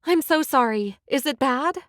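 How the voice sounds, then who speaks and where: A woman's voice: sits high, lively intonation, measured pace, dry recording, clean studio sound, pitched above the performer's own voice. A woman voicing a fiery young witch in an audiobook, speaking in heated, emphatic outbursts. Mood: spirited.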